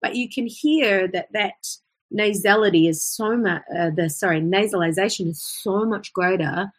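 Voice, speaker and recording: Husky-voiced Australian woman voice coach. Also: mid-range voice, moderate pace. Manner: chatty, explains with vocal demonstrations. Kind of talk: live online singing lesson.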